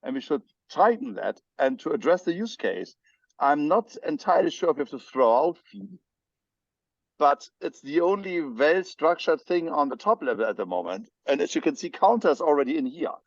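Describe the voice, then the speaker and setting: A man's voice: on the high side, very animated, moderate pace, no room sound. German man on a dull, dry video call. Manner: hesitant, many fillers and restarts. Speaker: spec editor. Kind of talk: technical meeting discussion.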